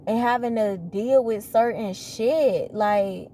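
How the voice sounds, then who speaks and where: A woman's voice: on the high side, takes it slowly, mellow, slight background noise. Exasperated young woman venting to viewers. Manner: exasperated, repeats herself for emphasis; talks straight to viewers, asks rhetorical questions. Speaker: vlogger. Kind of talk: casual venting monologue.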